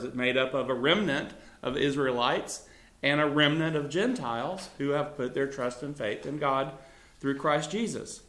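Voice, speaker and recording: A man's voice: fairly high pitch, fairly bright tone, echoey room. A man leading a Bible study in a conversational teaching style, chuckling often and talking loosely with fillers.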